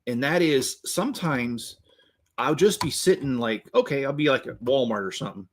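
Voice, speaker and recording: Guy in his 50s chatting w/ his stream while building, rambly and jokey, mid-pitched voice. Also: moderate pace. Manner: rambling and jokey, chuckles often. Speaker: host building LEGO sets while reading viewer chat. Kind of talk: casual live-stream chat.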